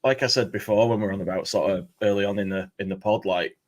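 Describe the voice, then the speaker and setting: A man's voice: on the low side, fairly even intonation, quick pace. A man co-hosting a casual football podcast, blunt and bantering. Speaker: podcast co-host.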